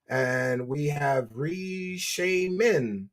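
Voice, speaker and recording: A man's voice: on the high side, animated, very slow. A man hosting a livestream, chatting casually and reading donations in a brash, mocking, foul-mouthed way. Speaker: livestream show host.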